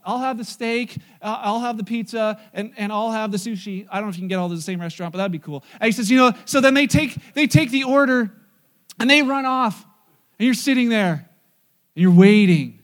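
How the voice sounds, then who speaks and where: Man pastor, high voice, animated sermon storytelling that acts out the characters.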